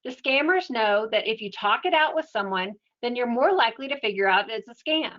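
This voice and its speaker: A woman giving an educational webinar talk in a steady, explanatory, conversational way. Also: fairly high pitch, a little fast, muffled recording. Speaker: webinar presenter.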